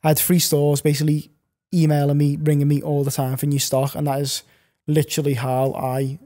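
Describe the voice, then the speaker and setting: A man's voice: a little high, completely flat delivery, a little fast, warm tone. A young man chatting as a podcast guest, telling long stories full of fillers and restarts. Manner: rambling, filler-heavy storytelling. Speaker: podcast guest, online reseller. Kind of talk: casual podcast chat.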